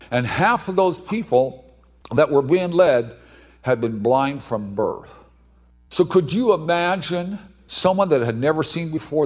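A man preaching a sermon, telling a story with animated delivery and sudden shouted outbursts. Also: on the high side. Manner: animated, acts out voices, bursts into shouts.

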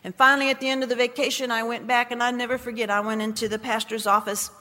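A woman telling her personal testimony as a sermon, with big emotional swings between hushed and exclaimed lines. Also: a little high, level tone, fast talker. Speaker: speaker giving a testimony. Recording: long hall reverb.

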